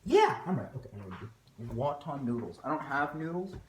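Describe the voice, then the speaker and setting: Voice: medium pitch, sing-song, moderate pace, slight background noise. A vlogger chatting casually while cooking at home, rambling and self-mocking, with plenty of fillers. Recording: echoey room with faint music.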